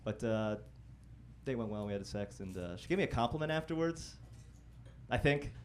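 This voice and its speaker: A young man performing a stand-up set in a comedy club, wry and self-deprecating, breaking into loud mock-singing and shouted impressions. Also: medium pitch, expressive, moderate pace. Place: comedy club stage before a live audience.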